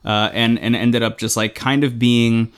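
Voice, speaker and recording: A man's voice: mid-range voice, flat delivery, measured pace, clean tone. A man co-hosting a podcast, chatting casually and rambling with lots of fillers and the odd swear. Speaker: podcast co-host. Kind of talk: casual chat.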